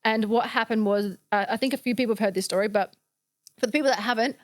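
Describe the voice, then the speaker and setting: High-ish voiced woman, blunt, gets straight to it, dry close mic. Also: dry recording. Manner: blunt, direct, brisk. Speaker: guest, company founder. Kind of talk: casual podcast chat.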